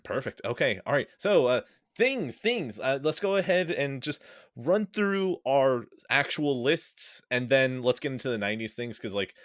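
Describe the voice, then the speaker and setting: A man's voice: mid-range voice, normal speed, no echo, clean studio sound. A man hosting a casual podcast, rambling, correcting himself mid-sentence and swearing offhandedly. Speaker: podcast host.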